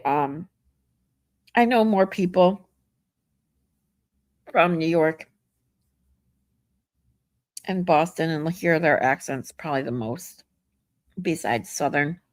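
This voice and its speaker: A woman's voice: on the low side, expressive, slow pace, long pauses, no echo. Frank, chatty woman livestream host. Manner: chatty, frank, swears casually, greets viewers. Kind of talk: casual chat reading viewer comments.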